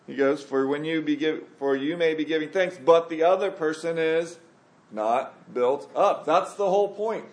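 A man's voice: on the high side, steady tone, normal speed, few pauses, echoey room. A man teaching a Bible study to a group, conversational and emphatic, asking the room questions.

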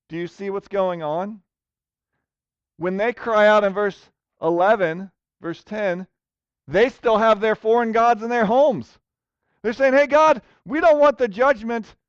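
A man's voice: high-pitched, clean tone, no echo, muffled recording. A man preaching a sermon in an earnest way, rising to emphatic questions. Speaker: pastor.

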